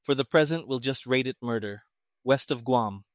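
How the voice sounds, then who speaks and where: A man reading a gruff, sarcastic army colonel. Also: mid-range voice, moderate pace, no echo, clean studio sound, natural voice. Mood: grim. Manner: sarcastic, curt. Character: gruff, irritable middle-aged army colonel. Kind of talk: audiobook character reading.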